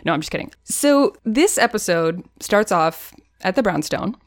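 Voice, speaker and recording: A woman's voice: mid-range voice, animated, moderate pace, no echo, studio quality. A woman co-hosting a podcast, chatting casually and sarcastically while recapping a TV episode. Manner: jokey and sarcastic, laughs often. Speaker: podcast co-host.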